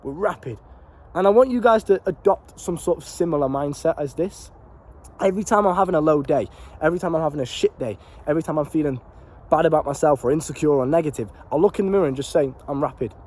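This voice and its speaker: A man's voice: a little high, fast talker. A young man, telling a casual motivational story about a gaming inside joke. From Britain. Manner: animated and swearing, slangy and repetitive. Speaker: vlogger and life coach.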